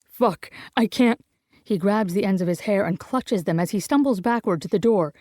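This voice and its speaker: A young adult woman narrating a first-person romance audiobook in an intimate, even manner. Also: mid-range voice, brisk, no echo, studio quality.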